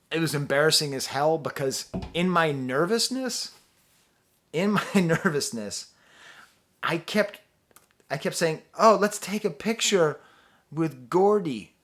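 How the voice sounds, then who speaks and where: A man's voice: on the high side, fairly bright tone. A middle-aged man telling a story in a casual vlog as a music reviewer, rambling and self-deprecating, with lots of restarts.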